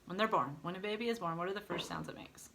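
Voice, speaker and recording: A woman's voice: lowish voice, fast, vocal fry, a bit bright, slight background noise. A woman singing teacher leading an online lesson, encouraging students and demonstrating vocal exercises.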